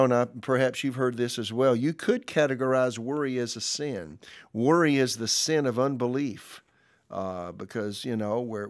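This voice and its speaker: Gravelly-voiced male pastor preaching. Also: mid-range voice. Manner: reads scripture and quotes aloud, then comments conversationally with fillers. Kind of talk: podcast sermon.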